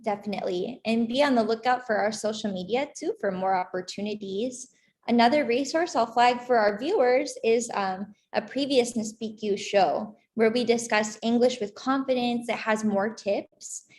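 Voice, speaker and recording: A woman co-host with a slightly high voice chats in an upbeat way. She points viewers toward more resources and shares tips. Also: moderate pace, a little mellow, a little hiss or hum. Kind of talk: casual talk-show chat.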